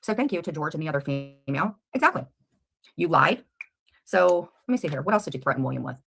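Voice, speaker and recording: A woman on a livestream, confronting a rival head-on with rapid, combative questions. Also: sits low, expressive, creaky, a bit bright, slight background noise.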